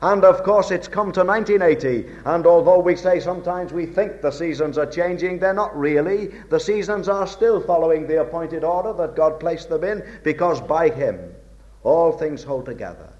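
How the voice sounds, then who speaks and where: A man preaching a sermon in a measured, old-fashioned way, slowing down to stress key words. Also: on the high side, darkish tone. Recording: dull lo-fi recording.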